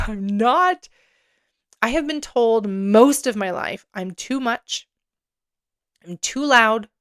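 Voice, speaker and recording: A woman's voice: mid-range voice, a bit bright, clear, resonant tone. Candid, emphatic woman hosting a podcast. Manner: candid, emphatic, swears freely, laughs often. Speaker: podcast host. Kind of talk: unscripted solo podcast monologue.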